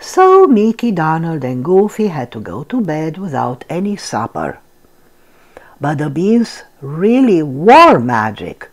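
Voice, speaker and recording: An older woman reads a picture book aloud to little ones, slow and gentle. Her voice is on the low side and swings widely up and down to bring the story alive. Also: very animated. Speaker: storyteller, channel host. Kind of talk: children's read-aloud storytelling.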